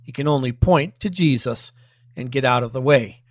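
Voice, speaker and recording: A man preaching a sermon, measured and emphatic, with pointed rhetorical questions. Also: medium pitch, dry recording, studio quality. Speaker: pastor.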